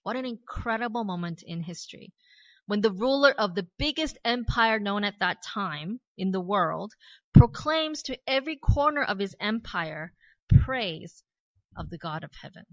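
An Australian woman preaching a sermon, retelling a Bible story with lively storytelling and casual asides. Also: medium pitch, normal speed, no room sound. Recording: dry, slightly dull recording.

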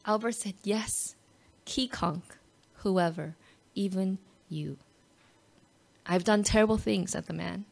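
A woman's voice: mid-range voice, slow, vocal fry, long pauses. Woman telling a heartfelt faith story. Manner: animated, acts out quotes, drops to near-whisper at emotional moments. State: moved close to tears at times. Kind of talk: personal faith story told to an audience.

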